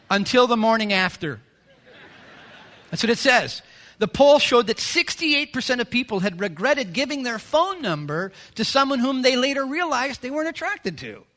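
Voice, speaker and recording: A man, the pastor, preaching a sermon in a lively, joking way, often mimicking people. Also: extremely high pitch.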